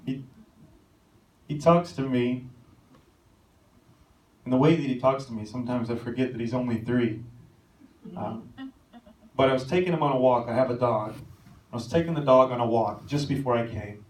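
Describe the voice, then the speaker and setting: A young man preaching a sermon as pastor, telling a story and rising to shouted calls at its peaks. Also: medium pitch, moderate pace, pauses often, distant mic, a little hiss or hum. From American. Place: church sanctuary. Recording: echoey church hall, mic from afar.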